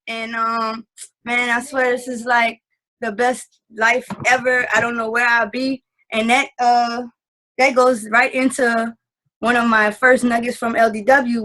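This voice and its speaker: A woman's voice: a little high, fairly bright tone, rough recording. A woman giving a casual testimonial on a video call, earnest and rambling, with lots of fillers. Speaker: team member sharing takeaways.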